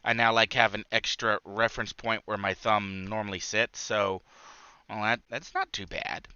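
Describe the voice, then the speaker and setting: Man, gaming channel host, live gameplay commentary, rambly with fillers, very bright crisp tone, dull lo-fi dry recording. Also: fairly low pitch, level tone, normal speed, dry recording. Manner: rambling, many filler words and restarts.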